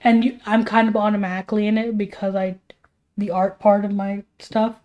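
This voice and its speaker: A woman's voice: medium pitch, little pitch movement, normal speed, mellow, highs cut off. Tired, exasperated young woman streamer. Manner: exasperated, rambling rhetorical questions. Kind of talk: casual commentary while drawing.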